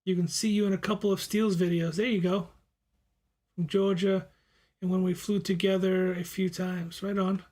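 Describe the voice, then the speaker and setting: Hosting a casual live stream, a laid-back man with a Boston accent reads viewers' comments aloud and answers them in a friendly way. His voice is high but flat, with little variation, and he speaks at a moderate pace, frequently repeating words and restarting.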